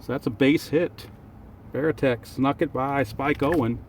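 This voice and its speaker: A man's voice: medium pitch, fairly even intonation, a little slow, a little hiss or hum. A man calling play-by-play for a tabletop baseball game outdoors and thinking aloud over each roll. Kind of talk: play-by-play commentary of a dice game.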